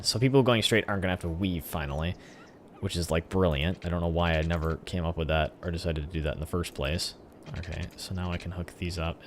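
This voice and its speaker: A man's voice: deep voice, slight background noise. A man giving casual gameplay commentary, rambling and talking back at the game. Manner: rambling, talks to the game, erupts in shouted cheers. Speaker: gaming channel host.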